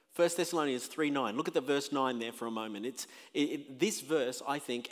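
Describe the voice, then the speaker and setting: In a church sanctuary filled with long, ringing reverb, a pastor delivers a sermon. His mid-pitched voice shifts between loud, emphatic declarations and quiet, searching questions directed at the congregation.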